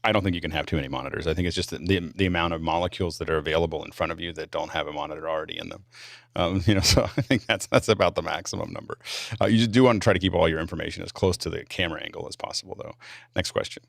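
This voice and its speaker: A man hosting a casual panel discussion over a video call, talking quickly and often restarting his sentences. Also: sits low, creaky, no echo. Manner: rapid, with frequent restarts. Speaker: show host.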